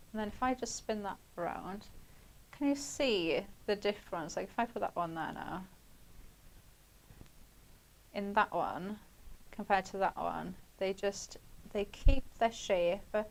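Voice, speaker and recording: A woman's voice: medium pitch, slow, pauses often. A young woman talks viewers through a craft project on a shopping channel. Her delivery is chatty and a little rambling, and she laughs easily as she goes. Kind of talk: live craft demonstration with chat.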